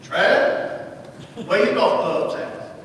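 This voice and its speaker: A man doing a slow Southern old-timer. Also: a bit bright, a little hiss or hum. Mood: easygoing. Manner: drawling, unhurried. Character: slow-talking older Southern man, easygoing. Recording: echoey church hall from far off.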